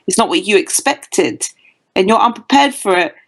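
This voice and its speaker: A woman's voice: medium pitch, animated, normal speed. Confident British woman dating coach. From United Kingdom. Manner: confident, punchy phrasing. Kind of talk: podcast interview.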